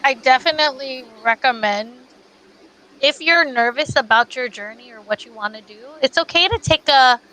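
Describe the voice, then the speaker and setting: A woman co-hosting a casual group chat, playful and animated. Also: high voice, normal speed, rough recording. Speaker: co-host.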